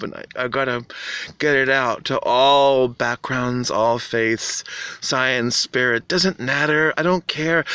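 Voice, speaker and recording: A man's voice: sits high, a bit bright, smooth, no echo. A man delivering a rambling, earnest monologue to camera, appealing to the world with preachy urgency. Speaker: vlogger.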